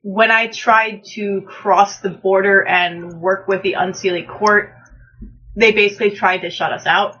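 Bright-voiced matter-of-fact woman. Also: mid-range voice, fairly even intonation, unhurried. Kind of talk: casual chat recapping a live-action game. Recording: dull lo-fi recording with faint noise.

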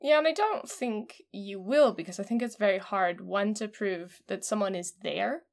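A woman's voice: mid-range voice, moderate pace, vocal fry. A woman co-hosting a casual discussion, chatty and full of "like" fillers. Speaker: podcast co-host.

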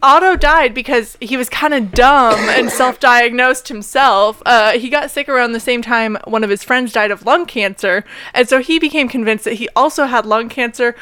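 Her voice is fairly high, with a sharp, clean tone, and she speaks at a moderate pace with few pauses. She's a young podcast co-host telling a story in chatty fashion, full of "like" and "um" fillers and easy laughter. No room sound is audible.

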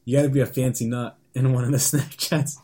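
A man's voice: medium pitch, flat delivery, a little fast, dark tone, breathy edge. Goofy young man, giggling casual chat. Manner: goofy, laughs often, says "like" a lot. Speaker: podcast co-host.

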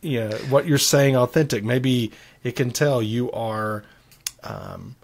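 Man co-hosting a tech chat, mid pitch. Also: big pitch swings, slow, vocal fry. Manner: explains at length, joking asides. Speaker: podcast co-host.

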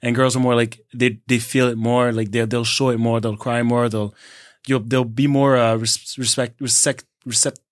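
A man's voice: medium pitch, little pitch movement, moderate pace, no room sound. A man with a mid-range voice chats on a casual podcast in a dry, close recording. He agrees readily and chimes in often, sometimes stumbling as he searches for a word. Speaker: podcast co-host. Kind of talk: casual chat.

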